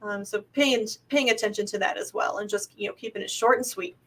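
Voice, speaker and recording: A woman casting director co-hosting a podcast, giving relaxed advice with easy fillers and laughs. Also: medium pitch, fairly quick. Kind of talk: casual podcast chat.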